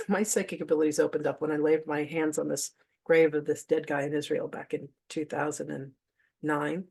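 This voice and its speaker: Running a spiritual masterclass, a woman with a low-pitched, slightly mellow and slightly rough voice with vocal fry speaks openly and chattily to her audience. She mixes lessons with stories from her own life, laughs frequently, and swears in passing.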